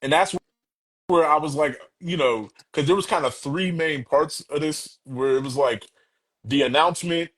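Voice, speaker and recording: A man with a slightly high, husky voice talks in a podcast studio. He is animated and lays out his points in long, flowing runs with quick asides. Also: poor audio. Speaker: podcast guest. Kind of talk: casual podcast discussion.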